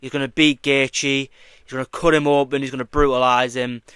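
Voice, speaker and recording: A man's voice: medium pitch, a little fast, clean tone, no echo. A young man reacting to fight news in a casual vlog. He swears freely and mocks as he talks. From Britain. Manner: profane, mocking, excitable. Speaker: YouTuber commentating on combat sports.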